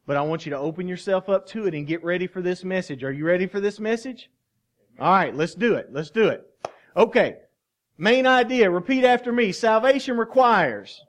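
A man with a high voice preaches in a church, speaking with fervor and urgency. He presses his points hard, swinging between loud declarations and quiet, earnest pleading. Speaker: pastor. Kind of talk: sermon. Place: church sanctuary.

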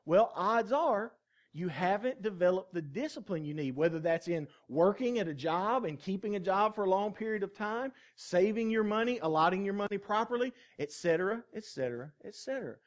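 A man's voice: high-pitched, expressive, fairly quick. A male pastor preaching a sermon in a folksy, joking way, often asking the congregation questions. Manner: folksy, jokey and conversational, asks the congregation questions.

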